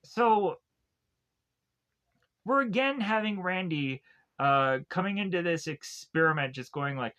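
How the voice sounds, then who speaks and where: Young male reviewer, a little high, loose and jokey, chatty scene-by-scene recap. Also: lively intonation, a little slow, long pauses, sharp tone, dull audio. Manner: rambling, jokey, laughs at his own jokes. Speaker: movie reviewer. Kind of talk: casual comedic recap with goofy quoted asides.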